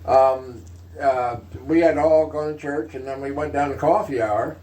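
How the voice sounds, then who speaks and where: A man's voice: mid-range voice, a little slow, darkish tone, rough recording. An older man telling a family story casually, rambling with many fillers and laughing asides. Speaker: storyteller, uncle.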